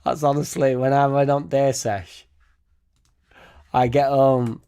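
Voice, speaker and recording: A man's voice: medium pitch, level tone, moderate pace, dark tone, clean tone. A young man hosting a casual fan livestream, laughing often, swearing freely and rambling as he reacts and thanks viewers. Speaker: fan channel host.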